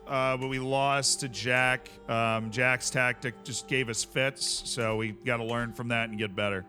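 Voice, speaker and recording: A man's voice: mid-range voice, steady tone, measured pace, few pauses, bright, forceful tone, faint music behind. A man streaming a strategy game, chatting casually with his viewers in a self-mocking way over a headset mic. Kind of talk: livestream gaming commentary.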